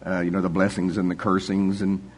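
A man's voice: deep voice, monotone, fairly quick, slight background noise. An older man preaching a sermon in a folksy, conversational way, chuckling often.

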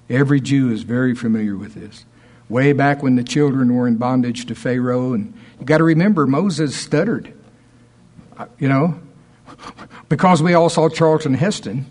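A man's voice: medium pitch, darkish tone. Conversational man teaching a bible lesson. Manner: conversational, reads scripture slowly and deliberately. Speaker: preacher.

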